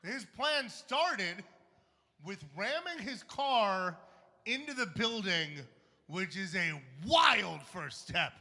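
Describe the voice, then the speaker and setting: A man doing a stand-up set on a comedy club stage, wry and punchy with dark jokes. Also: sits high, very animated, takes it slowly, in a large hall.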